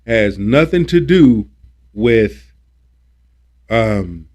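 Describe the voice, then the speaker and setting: A livestream host rants about politics, preachy, repetitive and emphatic, and he swears when he gets worked up. His lowish, slightly mellow voice is animated but extremely slow.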